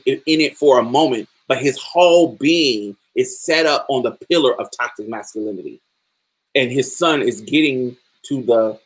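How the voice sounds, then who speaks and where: A woman's voice: very deep voice, breathy edge. A woman podcast host giving casual film commentary, emphatic and profane, acting out the characters' lines as she talks.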